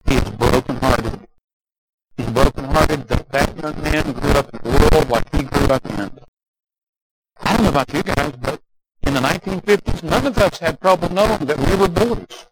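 An older man preaching a sermon as pastor, swinging from loud emphatic peaks down to quiet, low passages and repeating rhetorical questions to the congregation. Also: moderate pace, very noisy. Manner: repeats "Can I tell you" and asks for amens.

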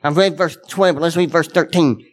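A man's voice: a little high, fairly even intonation, normal speed. A man preaching a sermon, earnest and conversational, speaking directly to his congregation and repeating key words for emphasis.

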